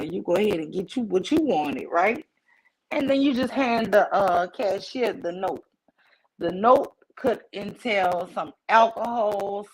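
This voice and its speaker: A woman livestream host telling a personal story to her chat in a casual, animated way, acting out the voices in it. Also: medium pitch, husky, rough recording. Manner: animated, acts out quoted voices.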